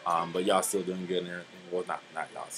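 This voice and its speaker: Young man, 20s, casual vlog talk, lowish voice, blunt and profane, lots of fillers, faint background noise. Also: little pitch movement, quick pace. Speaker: vlogger.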